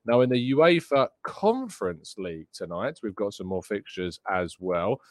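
A man's voice: on the low side, very animated, normal speed, dry recording, clean studio sound. A man hosting a daily football news show, chatting casually through fixtures and reading out viewers' questions, with frequent ums and uhs.

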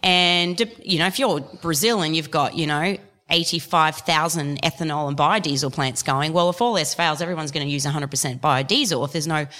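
Passionate woman with a lowish voice. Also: brisk, hardly any pauses, sharp tone, in a large hall. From Australia. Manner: passionate, emphatic, fact-heavy. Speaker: biofuels industry guest. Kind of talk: podcast discussion.

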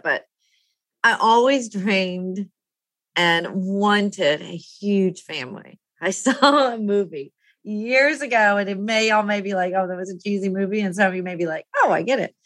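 A woman's voice: medium pitch, a bit bright, dry recording. A woman in her fifties talking through a personal topic in a candid monologue. She rambles, laughs often and trails off to restart her thoughts.

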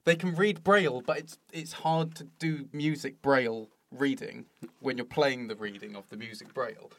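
A man's voice: medium pitch, fairly even intonation, moderate pace, a bit bright. Rambling podcast man. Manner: rambling, self-deprecating, swears freely. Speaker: podcast host. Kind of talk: casual chat.

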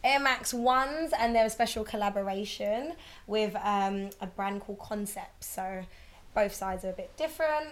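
A woman's voice: medium pitch, normal speed. A young British woman, a presenter, chatting casually as a podcast guest, laughing often and using lots of fillers. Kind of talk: casual chat.

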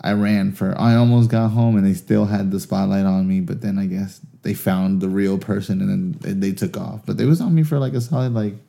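A man's voice: deep voice, fairly quick, gravelly, hardly any pauses. A man telling a long casual story, swearing freely and laughing as he goes. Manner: animated, profane, laughs through his stories.

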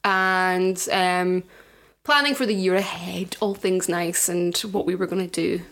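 A young woman from Scotland co-hosting a casual podcast chat, giggly and animated as she tells stories. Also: lowish voice, a little slow. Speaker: podcast co-host.

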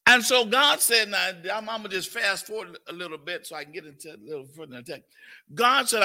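A man's voice: sits high, animated, a little fast, bright, forceful tone. An older man, teaching a Bible study sermon in a folksy way and calling on his listeners. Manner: folksy, calls on listeners, puts on a cooing grandparent voice. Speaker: pastor.

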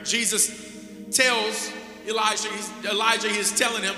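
High-voiced preaching man in echoey hall. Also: level tone, moderate pace, sharp tone. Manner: emphatic preaching with crowd call-outs. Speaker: pastor. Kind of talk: sermon. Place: church sanctuary. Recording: echoey hall with music behind.

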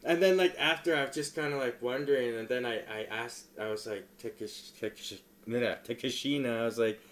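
A man telling a stand-up story in casual chat, laughing often, filling with "like" and moving from low mumbling to loud excited retelling. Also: a little fast. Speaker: stand-up comedian.

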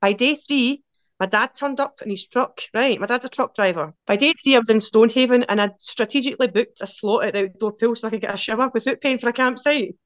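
Glaswegian woman, 40s, podcast guest, rattles off chatty anecdotes at speed, voice sits a bit high. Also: dry recording. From Scotland. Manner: lively and chatty, quick run-on anecdotes. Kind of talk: casual storytelling.

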